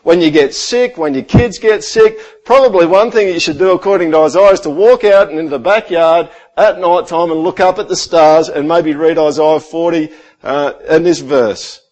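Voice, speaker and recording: Middle-aged male pastor, somewhat high-pitched, chatty sermon delivery. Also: normal speed, low-quality recording. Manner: conversational preaching, rhetorical questions, drops to quiet intensity.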